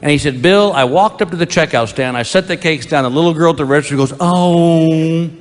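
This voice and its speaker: Deadpan man telling stage one-liners. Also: on the high side, fast, in a large hall. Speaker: stand-up comedian. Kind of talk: stand-up routine.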